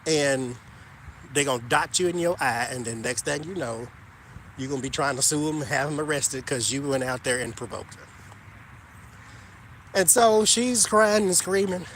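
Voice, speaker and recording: A man telling a story to his viewers in an animated, gossipy and emphatic way. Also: a little high, moderate pace, pauses often, a little hiss or hum. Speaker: vlogger. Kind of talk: casual storytelling to camera.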